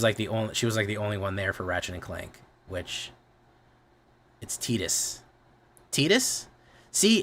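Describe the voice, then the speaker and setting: A man's voice: mid-range voice, fairly bright tone. A man streaming, chatting casually, rambling and often correcting himself, with a lot of swearing.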